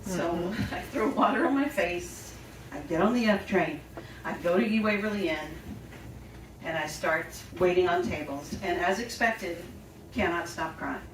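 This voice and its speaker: Standing on a small storytelling stage, an older woman shares a personal tale, talking at normal speed in a lowish voice. Her manner is chatty and self-mocking with frequent laughter, captured in a roomy, distant, noisy live sound.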